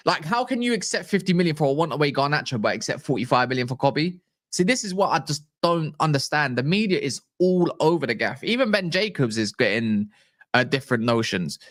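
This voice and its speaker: A man's voice: on the high side, a bit bright. A man hosting a football channel, talking casually to camera in a rambling way with exasperated rhetorical questions.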